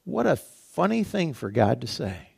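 Gravelly male pastor preaching conversationally. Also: medium pitch, sing-song, a little slow, darkish tone. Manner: conversational preaching, repeats phrases and asks rhetorical questions. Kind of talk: sermon teaching.

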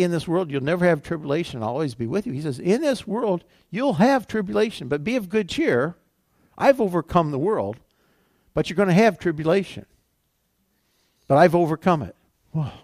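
Male pastor, folksy sermon delivery with a raised, gravelly voice. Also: sits high, a little mellow, dry recording, clean studio sound. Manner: conversational preaching, acts out quoted voices.

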